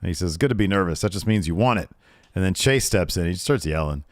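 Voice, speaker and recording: A man co-hosts a podcast in casual chat, his pitch swinging lively and wide as he jokes and sighs over what he's recapping. The sound is dry and close, with no room around him. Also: fast, no echo. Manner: animated, joking, exasperated asides. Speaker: podcast co-host.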